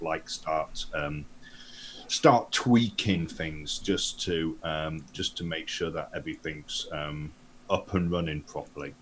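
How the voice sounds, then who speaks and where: A man with an extremely deep voice rambles through his character's actions in a tabletop game. A faint hiss sits behind him. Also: a bit bright. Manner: rambling, hesitant. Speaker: player. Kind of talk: casual tabletop role-play.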